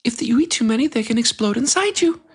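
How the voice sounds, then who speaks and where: A woman's voice: on the high side, animated, quick pace, husky, voice pushed up. A woman voicing a hyper, ditzy young woman like a teen cheerleader, whose voice rises at the end of every line. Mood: bubbly.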